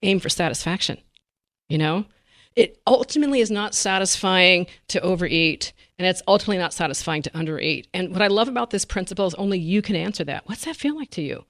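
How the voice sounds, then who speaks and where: Middle-aged woman dietitian, fast and animated podcast guest, dry close mic. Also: on the low side, dry recording. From United States. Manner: animated, laughs often, acts out patients' voices. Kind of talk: podcast interview.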